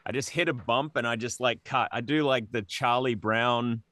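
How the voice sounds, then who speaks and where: A man's voice: medium pitch, moderate pace, sharp tone, no echo, studio quality. A man playing a tabletop game, casual and jokey, laughing often. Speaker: player.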